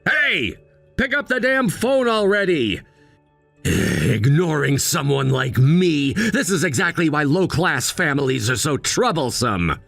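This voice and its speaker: An actor playing an arrogant, snobbish young fiancé who talks down to others with a sneer, in a dramatized text story. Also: male voice, high voice, very animated, a little slow, fairly bright tone, faint music behind, exaggerated voice. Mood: smug. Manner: sneering, condescending.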